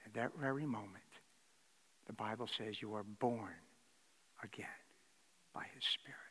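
A man preaching a sermon, swinging between loud exclamations and hushed near-whispers. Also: on the low side, a little slow, long pauses, breathy edge. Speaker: pastor. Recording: reverberant hall.

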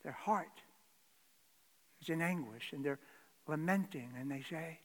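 A man preaching a sermon as pastor, swinging between loud emphatic lines and hushed near-whispers. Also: fairly high pitch, unhurried, big-room sound.

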